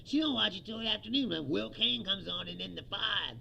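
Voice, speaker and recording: A man's voice: high voice, expressive, brisk, gravelly, pushed and bright, lo-fi sound, slight background noise. A man from the United States hosting his own comedy show, ranting angrily and profanely about the news and laughing often.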